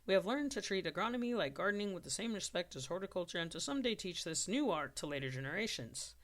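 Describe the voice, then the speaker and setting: Reader doing Mister Preston, a quiet earnest scholar man. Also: mid-range voice, big pitch swings, fast.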